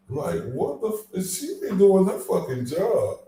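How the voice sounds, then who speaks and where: A man's voice: high-pitched, very animated, measured pace, mellow, slight background noise. A man hosting a casual livestream, ranting with heavy profanity and reading chat comments aloud. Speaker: livestream host. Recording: echoey room, voice from far off.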